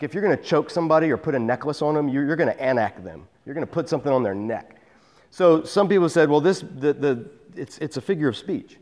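Male preacher, mid pitch, casual verse-by-verse sermon with dry humor, long hall reverb. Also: a little mellow. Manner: conversational, wry asides. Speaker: pastor. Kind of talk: expository Bible teaching. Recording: long reverb of a large room.

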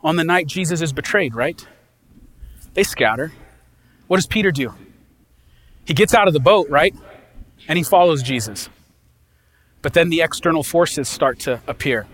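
A pastor delivering an impassioned sermon in a folksy, casual way, swinging from loud emphasis to hushed quiet. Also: male voice, on the high side, expressive, normal speed, pauses often.

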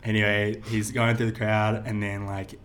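A man's voice: on the low side, little pitch movement, normal speed, a bit bright, a little hiss or hum. A young man, chatting casually and telling stories with many fillers. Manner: rambling storytelling full of fillers. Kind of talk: casual chat.

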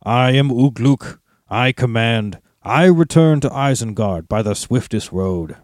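A man's voice: medium pitch, expressive, a little slow, no echo, studio quality, natural voice. Uglúk, a man doing a growling orc captain. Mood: domineering. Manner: growling, loud and commanding. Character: brutal commanding male Uruk-hai captain.

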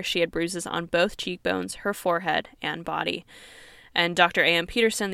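A woman's voice: lowish voice, creaky, bright, forceful tone, clear, resonant tone, no echo. A woman hosting a podcast, telling a true crime story in an earnest, conversational way and reading quoted sources aloud. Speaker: podcast host.

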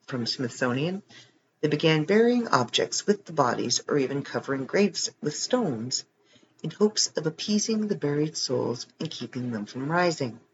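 Male reader, casual, wry asides, animated pitch, slightly muffled home recording. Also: creaky, a little hiss or hum. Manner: joking, reads text then adds wry comments. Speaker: reader of online articles. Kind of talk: casual reading aloud with asides.

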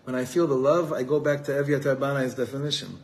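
A Los Angeles rabbi speaks earnestly and from the heart to a live evening gathering, often repeating words as he hunts for them and mixing in Hebrew terms. His medium-pitched voice is fast and fairly even in intonation, and the audio is poor.

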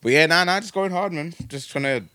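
A man's voice: on the high side, fairly quick, bright, forceful tone, no room sound. A man, chatting playfully on a podcast with slang and laughs. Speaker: podcast co-host. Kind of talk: casual chat.

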